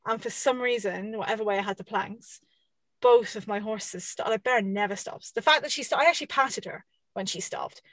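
A woman telling horse-riding stories in casual chat, swearing freely and animated. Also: mid-range voice, brisk, no room sound.

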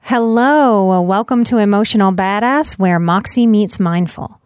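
Woman podcast host, therapist, measured delivery, slows on key phrases, dry close sound. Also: mid-range voice, clear, resonant tone, dry recording. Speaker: podcast host, life coach and psychotherapist. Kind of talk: solo podcast talk.

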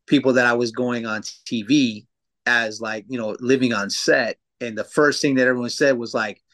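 A man in his thirties talks loosely as a guest on a podcast, piling up fillers and curse words as he tells his stories. His voice sits at an ordinary middle pitch. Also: fairly even intonation, normal speed, fairly bright tone. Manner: loose, profane storytelling with many fillers. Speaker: tattoo artist guest. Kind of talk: casual podcast conversation.

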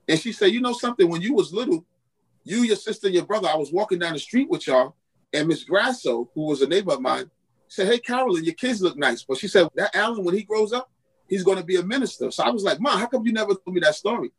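A man tells his testimony as a podcast guest, slipping into the voices of the people he quotes. His voice sits a touch high for a man and carries a husky, slightly grainy edge. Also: quick pace, rough recording. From Queens, New York. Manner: animated storyteller acting out quoted dialogue. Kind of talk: storytelling testimony in a podcast interview.

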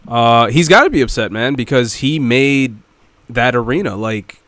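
A man co-hosting a podcast in casual chat. His voice sits in a middle register and comes across close and dry. He is animated and laughs easily. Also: mid-range voice, normal speed, no room sound. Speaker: podcast co-host.

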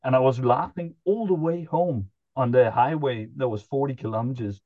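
A man, a podcast guest, telling a personal story in a halting, chuckling way with many restarts. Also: mid-range voice, no echo, narrow, tinny audio. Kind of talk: casual storytelling.

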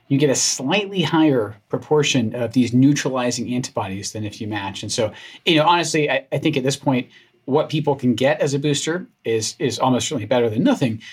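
A man's voice: medium pitch, husky. A male doctor with a Scottish accent co-hosting a podcast, thoughtful and wry. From Scotland. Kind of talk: casual chat.

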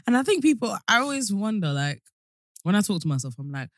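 A woman's voice: medium pitch, sing-song, normal speed, long pauses, dry recording. London woman, podcast co-host, playful and laughing, dry close mic. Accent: London English. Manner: playful, laughs often, teasing. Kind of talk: casual chat.

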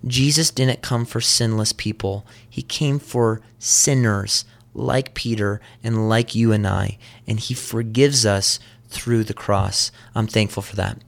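A man's voice: lowish voice, fairly even intonation, unhurried, vocal fry, few pauses. A man preaching a sermon, retelling a scripture passage vividly and earnestly. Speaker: pastor.

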